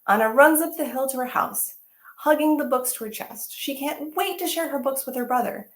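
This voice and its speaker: A woman teaching artist reading a picture book aloud to children, animated and exclamatory, often asking them questions. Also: high voice, moderate pace, reverberant.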